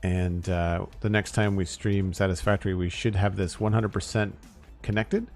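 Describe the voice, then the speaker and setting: Male game streamer with a slightly low voice, loose and unhurried, chatting to his viewers over faint background music. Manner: relaxed, rambling with frequent ums and uhs. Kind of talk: casual live-stream chat.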